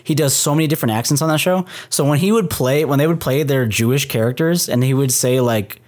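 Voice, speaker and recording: A man of ordinary pitch chatting casually about movies as a podcast co-host. He rambles with restarts, swears freely, and jumps sharply higher in pitch when excited. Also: fast talker.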